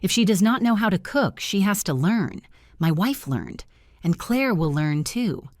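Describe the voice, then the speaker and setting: A woman voicing a cold, contemptuous bullying man in a spoken story, with calm, measured delivery. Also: mid-range voice, no room sound, studio quality, lightly acted. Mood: mocking.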